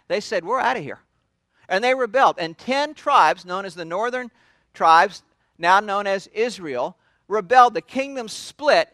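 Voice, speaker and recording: A man's voice: high voice, bright, forceful tone, no room sound. A man preaching a sermon, retelling scripture in a conversational storytelling way with frequent restarts. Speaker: pastor.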